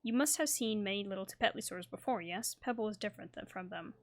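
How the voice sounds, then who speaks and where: A woman's voice: mid-range voice, fast, lightly acted. Girl reading a polite formal scholar guy, keeps apologizing, plain voice. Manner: formal, courteous phrasing. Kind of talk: reading game dialogue aloud.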